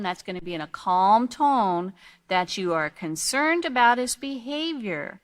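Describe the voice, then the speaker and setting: A woman's voice: mid-range voice, expressive, a little slow. A woman teaching a character education training course, earnestly walking parents through guidelines and asking them questions along the way. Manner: earnest, asks the listener rhetorical questions.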